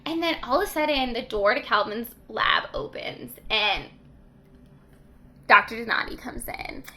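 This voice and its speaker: A woman's voice: a little high, expressive, a little slow, sharp tone. A young woman co-hosting a book podcast, recapping a novel's plot in casual chat and acting out the characters' lines as she goes.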